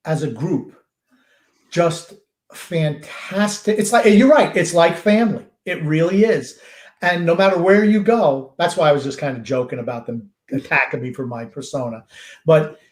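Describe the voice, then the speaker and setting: A man's voice: on the high side, measured pace. An older man co-hosting a podcast in casual chat, stressing words emphatically and drawing some out. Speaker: podcast co-host. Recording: roomy echo.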